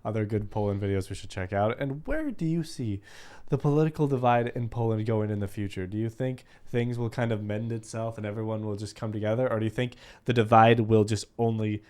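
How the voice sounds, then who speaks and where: A man's voice: on the low side, fairly even intonation, fairly quick, a little mellow, clear, resonant tone. An American man co-hosting a reaction video, talking loosely and jokingly with plenty of filler words. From United States. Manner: loose and jokey, many "like" fillers. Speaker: reaction channel co-host. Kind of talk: casual reaction commentary.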